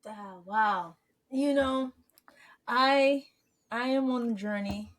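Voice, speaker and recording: Woman host on a podcast, chill and soft, asks short questions. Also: fairly high pitch, slow pace. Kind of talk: casual interview.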